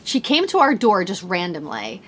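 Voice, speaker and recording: A woman's voice: fairly low pitch, wildly swooping pitch, moderate pace, a little hiss or hum. A woman in her thirties hosting a podcast, talking in a bubbly, chatty way and saying "like" a lot. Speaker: podcast host. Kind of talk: casual chat.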